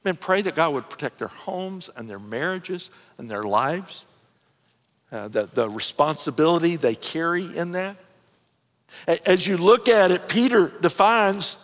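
A middle-aged pastor with a notably high voice delivers an earnest, folksy sermon. He restarts his sentences and drops casual asides as he goes. A long hall reverb trails behind his voice. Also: lively intonation, unhurried. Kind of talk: conversational sermon.

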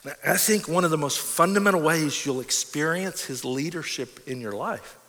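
A man's voice: fairly high pitch, normal speed, fairly bright tone, in a large hall. A man preaching a sermon in a conversational way, often acting out the voices of imagined listeners. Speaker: pastor.

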